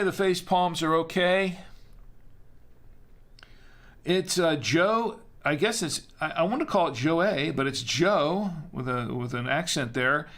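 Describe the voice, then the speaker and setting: Guy hosting a wine stream, kinda higher voice, rambly and chatty, lots of ums, pokes fun at himself. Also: a bit bright. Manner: rambling, self-deprecating, chatty with many fillers. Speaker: wine show host. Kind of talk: casual live-stream chat and wine review.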